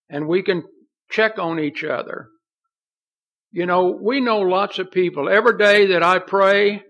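A man's voice: high-pitched, creaky, a bit bright. A man preaching a sermon in an earnest, folksy way, reading scripture aloud. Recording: dull lo-fi recording.

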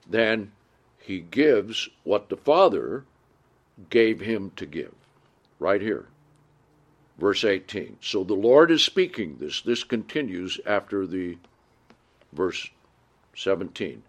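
A man teaching a sermon, reading scripture aloud and explaining it, often checking in with the listeners and rising in pitch to stress points. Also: sing-song, slow. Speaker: preacher.

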